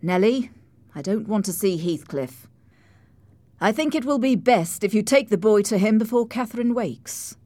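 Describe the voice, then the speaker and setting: Woman reading as a gentle worried gentleman. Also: mid-range voice, animated, moderate pace, no room sound, voice pushed up, close to an everyday voice. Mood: resigned. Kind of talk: audiobook character reading.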